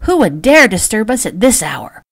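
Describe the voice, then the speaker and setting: A woman's voice: medium pitch, sing-song, moderate pace, fairly bright tone, pitched above the performer's own voice. A woman voicing a spiteful aunt who screeches and complains indignantly in an audiobook. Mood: screeching. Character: shrill, spiteful middle-aged aunt.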